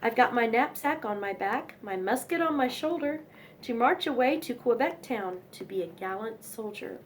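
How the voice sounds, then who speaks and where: A woman's voice: on the high side, expressive, moderate pace, slight background noise. A young woman reading nursery rhymes aloud in a sing-song manner, with chatty asides between poems.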